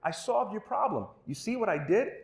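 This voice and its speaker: A man's voice: high voice, sing-song, normal speed, gravelly, voice pushed up, heavily acted. A man voicing a boastful superhero for hire who is pleased with himself, in a roomy hall. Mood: smug. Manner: smug, boastful. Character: greedy smug male superhero for hire.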